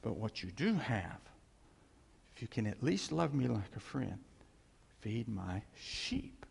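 Gravelly man teaching scripture in a hall. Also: medium pitch, big pitch swings, moderate pace, a little mellow. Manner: conversational, acts out scenes, laughs often. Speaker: Bible teacher. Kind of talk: informal Bible teaching.

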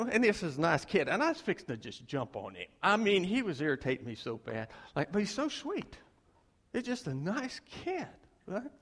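A man preaching as a pastor, slipping into story mode and voicing both sides of an argument. His voice is a little high and gravelly, with a lively pitch that leaps up when he gets worked up. The sound carries a long reverb from a church hall. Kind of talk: sermon.

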